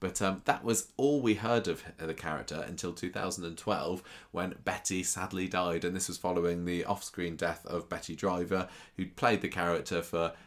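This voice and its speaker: A man's voice: deep voice, fairly even intonation, normal speed, hardly any pauses. A man co-hosting a podcast, chatting casually and recounting soap opera storylines with asides. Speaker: podcast co-host.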